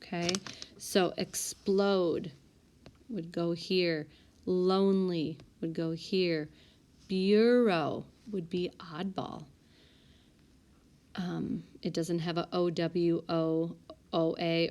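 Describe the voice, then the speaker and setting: Woman teacher reading out spelling sorts, kinda low voice, stops to fix herself sometimes. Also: steady tone, slow, a little mellow. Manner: sorting words aloud, stopping to correct herself. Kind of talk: spelling lesson over a whiteboard app. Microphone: tablet mic, voice-over.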